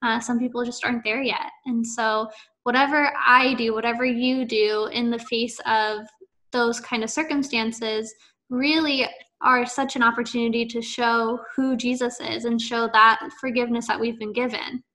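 A woman's voice: a little high, flat delivery, normal speed, sharp tone. A woman hosting a faith-based interview, talking in an encouraging, conversational way. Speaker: interview host.

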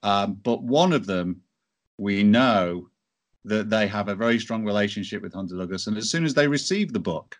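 A man's voice: lowish voice, expressive, normal speed. A man telling a business story as an interview guest, in a chatty way with many restarts. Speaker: entrepreneur guest.

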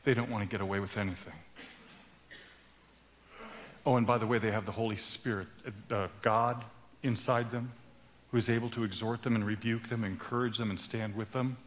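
A man preaching a sermon with animated storytelling that swings into loud outbursts. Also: fairly low pitch, quick pace, a little hiss or hum. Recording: long hall reverb.

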